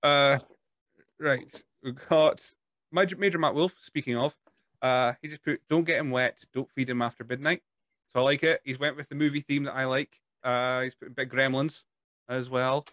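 A man's voice: medium pitch, fairly even intonation, moderate pace, a bit bright, no echo, studio quality. A Scottish man hosting a podcast, chatting loosely and often laughing. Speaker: podcast host. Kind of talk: casual podcast chat.

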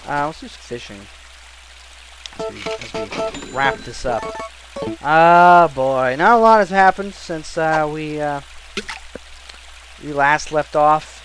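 A young man giving casual let's-play commentary, a loud, excitable talker who bursts into yelling. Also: on the high side, slow, pauses often. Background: faint game music.

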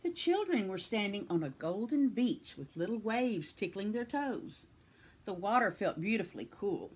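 Husky woman reading a picture book aloud. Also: mid-range voice, moderate pace. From Tennessee. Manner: expressive storytelling. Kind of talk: children's read-aloud.

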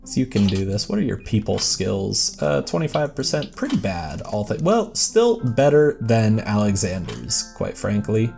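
Gravelly man rambling over gameplay. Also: lowish voice, sing-song, measured pace, few pauses, a little mellow, soft background music. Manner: rambling, self-deprecating, talks to game characters. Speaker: let's play host. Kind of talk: casual gameplay commentary.

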